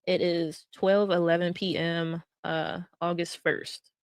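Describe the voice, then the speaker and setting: Woman, animated, swearing, laughing, casual stream commentary, dry close sound. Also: fairly low pitch, slow, clear, resonant tone, no room sound. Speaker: stream co-host.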